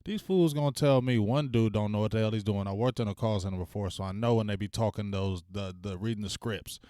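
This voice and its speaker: Slangy, smooth-voiced male stream host. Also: on the low side, fast, dry recording, studio quality. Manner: loose, slangy, venting with loud shout-outs. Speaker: sports talk stream host. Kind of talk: casual livestream chat.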